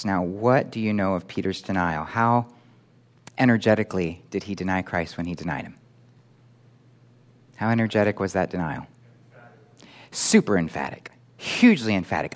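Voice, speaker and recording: A man preaching a sermon, emphatic and animated, acting out quoted voices as he teaches. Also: lowish voice, normal speed, pauses often.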